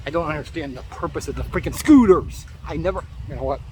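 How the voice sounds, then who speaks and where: A man's voice: fairly high pitch, quick pace, a little mellow, slight background noise. Ranting man outdoors. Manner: grumbling, sarcastic ranting. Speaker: vlogger. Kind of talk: casual outdoor vlog rant. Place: outdoors in a town, near traffic.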